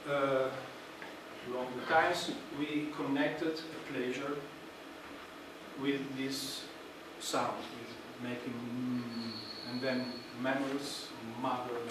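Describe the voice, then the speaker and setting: A man giving a public lecture in a hall, halting and searching for words, with many fillers. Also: medium pitch, flat delivery. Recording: echoey hall, distant, noisy.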